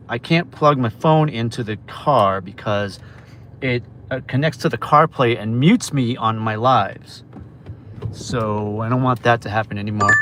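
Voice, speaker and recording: Man, from New York, chatty livestream driver, mid pitch, inside a car, clear road noise. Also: measured pace, fairly bright tone. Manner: chatty, talks to viewers while reading orders aloud. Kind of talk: casual livestream chat while driving. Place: inside a car on city streets. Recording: phone mic with road noise. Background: car and traffic noise.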